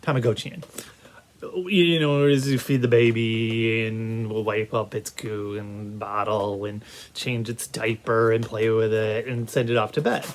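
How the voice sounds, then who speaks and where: A man giving a casual video game review, talking in an animated, rambling way full of restarts. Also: fairly low pitch, unhurried.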